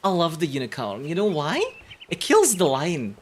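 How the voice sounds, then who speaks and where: A woman's voice: low-pitched, sing-song, moderate pace. A young woman streaming a game, chatting playfully with her viewers, laughing often and rambling off on asides. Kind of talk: casual live-stream game commentary.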